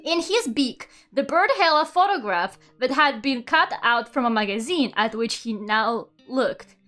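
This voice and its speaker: A woman's voice: a little high, lively intonation, measured pace, sharp tone, soft background music. A young woman from Russia, a streamer, reading a book aloud and chatting with her viewers, incredulous, swearing casually and laughing often. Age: young adult. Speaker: VTuber streamer.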